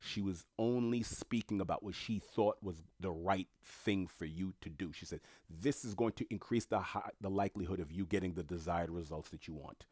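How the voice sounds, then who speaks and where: Male commentator, low and dry, blunt and emphatic, talks straight to camera. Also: normal speed, few pauses, a little mellow, dry recording. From Haitian family. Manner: blunt, emphatic, repeats himself. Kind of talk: casual monologue commentary.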